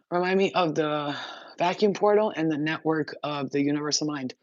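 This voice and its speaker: A woman's voice: deep voice, a little mellow, dry recording. A woman spiritual healer chatting casually on a livestream, reassuring and blunt, with a sweary streak. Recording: dull, dry lo-fi sound.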